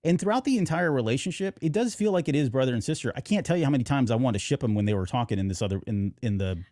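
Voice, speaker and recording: A man co-hosts a podcast in loose, rambling chat, stopping and restarting his thoughts with plenty of fillers. His voice sits in a middle pitch. It is picked up on a dry, close mic with no room sound. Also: expressive, rapid-fire, dark tone, no echo. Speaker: podcast co-host. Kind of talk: casual chat.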